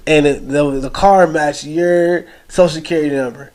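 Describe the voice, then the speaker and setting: A man on a casual podcast, his voice sitting a little high for a guy. He rambles through stories in laid-back slang, cursing as he goes. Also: fairly even intonation, moderate pace, darkish tone. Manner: loose storytelling with slang and swearing. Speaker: podcast co-host. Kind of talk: casual chat.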